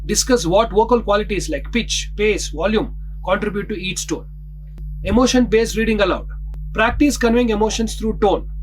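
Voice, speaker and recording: High-voiced man reading a lesson. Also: a little hiss or hum, low-quality recording. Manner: measured, reads out headings then explanations. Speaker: instructor. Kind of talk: scripted lesson narration.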